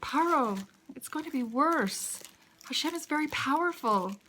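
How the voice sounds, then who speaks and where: A patient, solemn prophet speaks low and soft, grave and earnest in every warning, as a woman storyteller puts him on. The voice is pitched down from her own, hushed and calm. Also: unhurried, slight background noise, heavily acted, low-quality recording.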